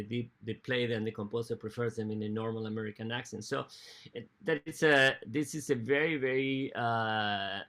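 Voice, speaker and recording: A man giving a talk on opera as a music director, halting and often correcting himself mid-sentence. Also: on the low side, a bit bright. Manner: halting, with frequent restarts and self-corrections. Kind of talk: lecture.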